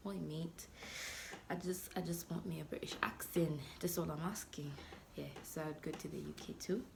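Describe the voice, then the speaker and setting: A young woman from Zambia in her twenties talks casually to camera in a vlog, playful and chatty. Her lowish voice has a gravelly edge and often drops to a near-whisper. A faint hiss sits under the recording. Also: fairly even intonation, fairly quick. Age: 20s. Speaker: vlogger.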